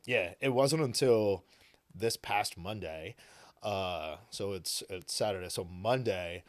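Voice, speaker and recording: A man's voice: fairly low pitch, dry recording. A man, a podcast guest, telling a story in casual chat, swearing freely and filling his talk with "like" and "you know.". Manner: animated, profane, heavy with "like" and "you know".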